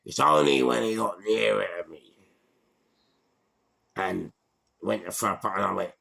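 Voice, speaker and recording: Gravelly older London man. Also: lowish voice, measured pace. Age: 60s. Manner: animated, slangy, acts out voices. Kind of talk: storytelling monologue.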